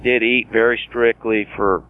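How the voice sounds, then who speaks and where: An earnest man in his sixties tells his own survival story in a plain-spoken way, acting out old conversations as he goes. His voice comes through a thin, tinny phone line, at an ordinary pitch for a man. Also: flat delivery, a little slow. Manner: earnest, plain-spoken, with many restarts and quoted dialogue. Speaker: guest, cancer survivor. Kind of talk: personal storytelling interview.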